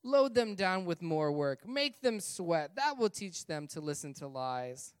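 A man's voice: a little high, very animated, unhurried, clean tone, no room sound, studio quality. A man giving voice to a stern, angry pharaoh during a scripture reading, with raised and emphatic delivery. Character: stern angry male pharaoh, harsh ruler.

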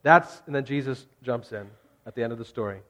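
A man's voice: medium pitch, brisk, a bit bright. A man preaching a sermon in a conversational, jokey way that builds to emphatic points. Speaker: pastor.

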